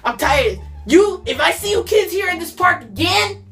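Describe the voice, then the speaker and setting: A woman voicing a short, evil-tempered female cop who yells at kids in a raspy voice. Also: very high voice, big pitch swings, moderate pace, distant mic, soft background music, full character voice. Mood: threatening. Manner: yelling, scolding.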